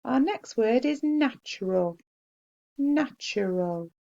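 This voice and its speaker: A woman teacher giving a slow, clear spelling dictation to young children and praising them gently. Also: on the high side, expressive, muffled recording. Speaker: primary school teacher.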